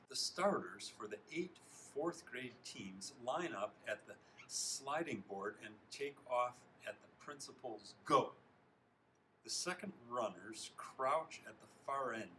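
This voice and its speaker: A man reading a children's novel aloud, expressive, stopping now and then to comment on the text and correct himself. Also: mid-range voice, slight background noise, rough recording. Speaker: reader.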